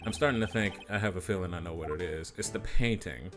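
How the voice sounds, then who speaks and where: A man's voice: deep voice, quick pace, over music, natural voice. A man voicing an earnest, flustered young defense lawyer in a fan dub of a game, with wry asides. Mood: probing.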